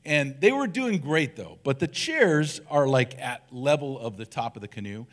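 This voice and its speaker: A middle-aged man delivering a sermon as a church elder, at a medium pitch. He tells the story in a loose, conversational way and drops playful, self-deprecating jokes along the way. His manner is animated and lively. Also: moderate pace.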